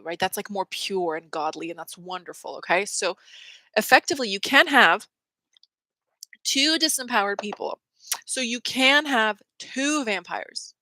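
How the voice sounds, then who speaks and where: A young adult woman hosting a casual spiritual talk, opinionated and quick to quote people in mocking voices. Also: mid-range voice, pushed and bright, dry recording, low-quality recording. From Canada. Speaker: host.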